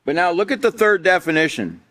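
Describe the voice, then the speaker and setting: A middle-aged man with a high-sitting, sharp voice full of big pitch swings talks a little fast while teaching character education in a live online class. Conversational in manner, he reads from slides and asks rhetorical questions.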